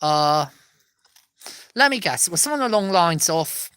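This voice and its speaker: A woman's voice: lowish voice, big pitch swings, moderate pace, a bit bright, clean tone, no room sound. Rambling, apologetic Englishwoman. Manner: apologetic, digressive, laughs at own jokes. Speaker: vlogger. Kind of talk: rambling solo comedy chat.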